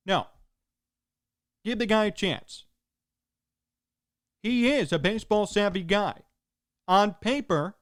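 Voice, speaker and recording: A man hosting a sports talk show, delivering an emphatic opinion monologue in punchy, repeated short sentences. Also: high voice.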